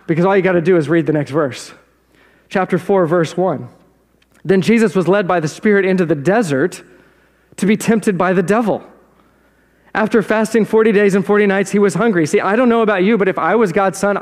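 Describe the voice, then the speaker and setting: A man's voice: high voice, a little fast, big-room sound. A man preaching a conversational sermon in a church, asking the congregation questions as he goes. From South Jersey. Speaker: pastor. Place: church sanctuary.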